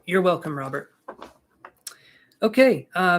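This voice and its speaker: Chatty man reading tarot live, higher voice. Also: moderate pace, a little hiss or hum. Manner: chatty, reads viewers' names aloud and jokes. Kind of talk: casual live-stream chat.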